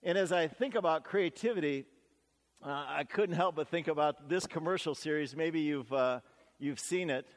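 A man's voice: a little high, normal speed, big-room sound. A man preaching a sermon as pastor, talking in a conversational, folksy way with stories and asides.

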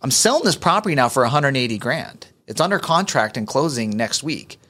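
A man's voice: medium pitch, very animated, fairly quick, sharp tone. A man co-hosting a podcast, speaking enthusiastically in a casual chat. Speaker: podcast co-host.

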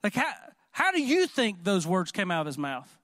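A man preaching a sermon in an animated, conversational way, often asking the congregation questions. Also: high-pitched, normal speed, dry recording, studio quality. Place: church.

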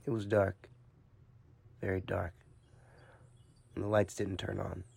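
Low-voiced man narrating a horror tale. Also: level tone, takes it slowly, gravelly, a little mellow, slightly rough. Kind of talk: first-person horror audio drama narration. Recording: music bed under the narration.

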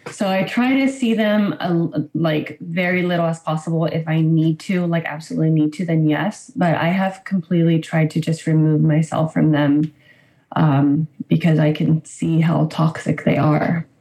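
Lady telling her story to a counselor, warm low-ish voice, kinda halting. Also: steady tone, poor audio. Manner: halting, many fillers, earnest. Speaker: counseling guest. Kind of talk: personal account in conversation.

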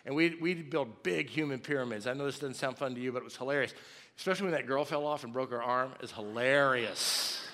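A man in his fifties preaching in a lively, joking storytelling way, acting out loud shouts as he tells it. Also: mid-range voice, brisk. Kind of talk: storytelling sermon. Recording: long reverb of a large hall.

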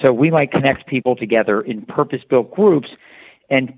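A man's voice: mid-range voice, normal speed, breathy edge. A man, a company founder, answering interview questions at length, explaining with examples and frequent restarts. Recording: tinny phone line, dry.

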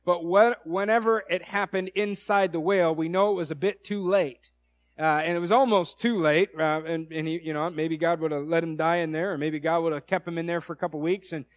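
A man preaching a sermon in a conversational, animated storytelling way, acting out quotes. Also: a little high, no echo.

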